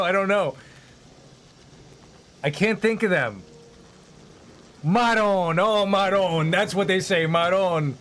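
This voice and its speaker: High-voiced joking male streamer. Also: fairly bright tone. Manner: joking, rambling. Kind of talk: casual live-stream chat.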